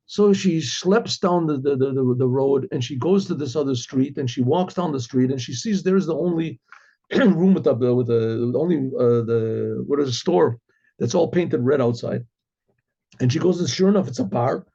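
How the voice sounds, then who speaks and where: A man with a fairly high, husky and gravelly voice tells a story as a rabbi. He acts out the voices of the figures in an animated way and keeps clearing his throat. The recording is dull and lo-fi. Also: normal speed. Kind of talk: storytelling narration.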